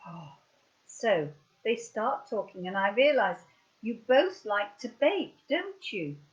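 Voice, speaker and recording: A woman's voice: on the high side, sing-song, slow pace, muffled recording. A woman hosting an online craft session, chatting casually and rambling through her demonstration. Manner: chatty, rambling, often restarts. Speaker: craft workshop host. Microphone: video call webcam.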